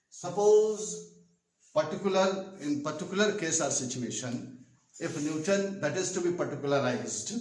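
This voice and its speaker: A retired English teacher, an older man from India, slowly explains grammar at a whiteboard in a classroom with an Indian English accent and a fairly high pitch. His classroom lesson is repetitive and full of hesitant pauses. The room is echoey and he is far from the mic.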